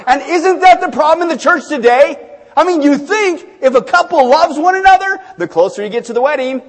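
A man preaching a sermon as pastor, animated, swinging between sudden shouts and hushed asides, in a church sanctuary. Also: extremely high pitch, fairly quick. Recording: long reverb of a large hall.

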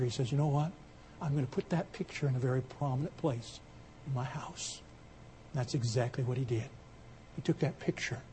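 A man preaching a sermon, telling an illustration story and building it into loud, emphatic appeals. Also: medium pitch, slight background noise.

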